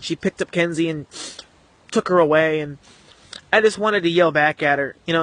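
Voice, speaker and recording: A man telling a painful personal story to the camera in an earnest, emotional, halting way. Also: on the high side, a bit bright, dry recording. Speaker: vlogger.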